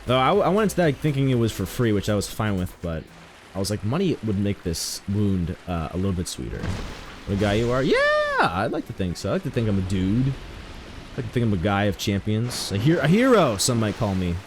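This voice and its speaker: A man's voice: fairly low pitch, fairly quick, slight background noise. A young man chatting casually while streaming a game, joking, rambling and telling stories to his chat. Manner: joking, rambling, animated storytelling.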